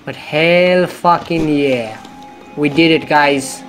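A young man comments on his gameplay in a loose, rambling way, swearing freely and getting excitable. His voice sits a bit high and he takes his time with words. Game music runs steadily underneath. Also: slow, rough recording. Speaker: let's play gamer.

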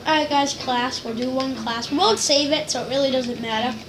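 A woman's voice: sits high, fairly even intonation, a little fast, noisy background. A woman casually narrating a video game session for viewers, rambling, joking at herself and giggling. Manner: rambling, giggly, self-mocking, addresses viewers. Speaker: gaming video host. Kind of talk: casual let's-play commentary. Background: game music.

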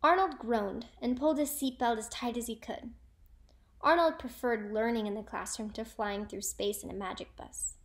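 A woman teacher reading a storybook aloud to children, clear and expressive. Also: on the high side, normal speed.

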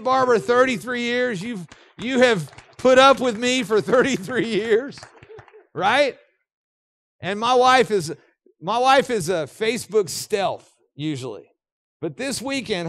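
A middle-aged male pastor preaches in a church with an animated, joking delivery. His voice sits high for a man, and the recording is dry and close. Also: dry recording. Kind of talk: sermon. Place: church sanctuary.

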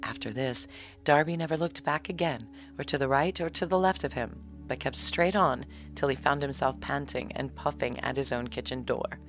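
A woman calmly narrating a bedtime storybook in a steady reading voice. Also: rumbling low, normal speed, soft background music.

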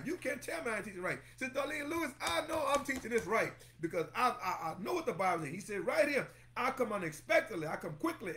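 Teaching scripture with a fairly bright tone, this pastor's high voice swoops up and down dramatically through an energetic, preachy Bible lesson. He keeps exclaiming, names members of the congregation, hammers key phrases through repetition, and occasionally sings a line.

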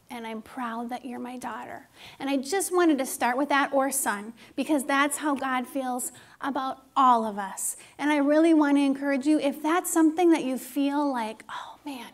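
A woman with a high, light voice shares a personal testimony from the pulpit. She sounds earnest and encouraging, and her voice sometimes drops to an intimate hush. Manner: earnest, intimate, encouraging, drops to a hushed whisper when quoting God. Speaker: speaker at a church service.

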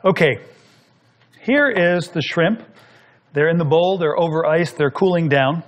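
A man's voice: fairly high pitch, unhurried. Man explaining as he cooks. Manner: explanatory, talks while working. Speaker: cooking show host. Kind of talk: cooking demonstration.

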